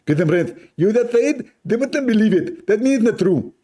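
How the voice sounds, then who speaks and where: A man doing a mocking impression of a male Muslim preacher, indignant and raised in pitch. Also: lively intonation, normal speed, dark tone.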